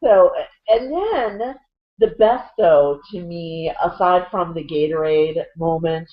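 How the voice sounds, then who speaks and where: Chatty low-voiced woman, lo-fi sound. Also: expressive, takes it slowly. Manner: chatty, rambling, lots of fillers and restarts. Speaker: co-host. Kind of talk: casual sports chat. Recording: dull lo-fi audio.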